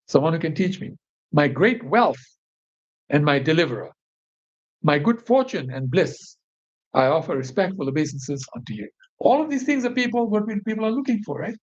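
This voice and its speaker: Man, fairly high voice, devotional group leader, scripture reading with commentary, frequent "right?" check-ins, muffled lo-fi recording. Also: a little mellow. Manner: explains each line, often checks in with "right?". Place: bridal shop meeting space. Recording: dull lo-fi recording.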